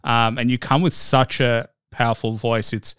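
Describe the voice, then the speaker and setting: A man's voice: medium pitch, level tone, normal speed, fairly bright tone, clean tone, dry recording, studio quality. An Australian man hosting a podcast interview, upbeat and chatty, rambling with lots of fillers. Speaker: podcast host. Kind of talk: casual interview chat.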